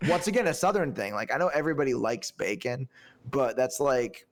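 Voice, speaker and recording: A man from the American South co-hosting a podcast, talking about a movie in an animated, jokey way and swearing casually. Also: medium pitch, fairly quick. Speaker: podcast co-host. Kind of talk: casual movie review chat.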